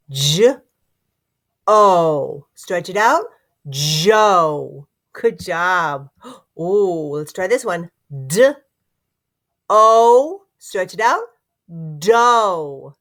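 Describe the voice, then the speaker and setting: A woman teaching phonics to young children, sounding out words slowly and encouraging them, sometimes dropping to a whisper. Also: on the low side, expressive, a bit bright.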